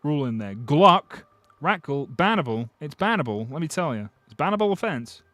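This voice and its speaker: A man's voice: on the high side, very animated, fairly quick, fairly bright tone, no echo. A man streaming, casually chatting and joking as he reads viewer comments, swearing freely and restarting his sentences. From United Kingdom. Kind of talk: casual livestream chat reading viewer comments.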